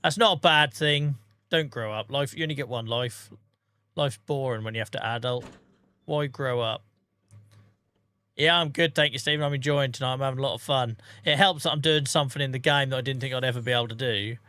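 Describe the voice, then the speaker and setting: Bright-voiced man in his forties, chatty. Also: medium pitch, fairly quick, no room sound. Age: 40s. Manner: chatty, self-mocking, swears lightly, laughs often. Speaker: livestreamer. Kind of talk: casual livestream chat.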